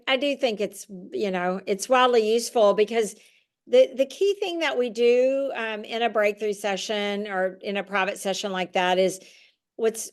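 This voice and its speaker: A woman teacher hosting an online yoga class, talking over a video call in a loose, rambling way. She restarts her sentences often and fills gaps with um and you know. Her pitch sits in an ordinary middle range. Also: clean tone. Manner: warm, rambling, with frequent restarts and fillers. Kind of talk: casual webinar talk.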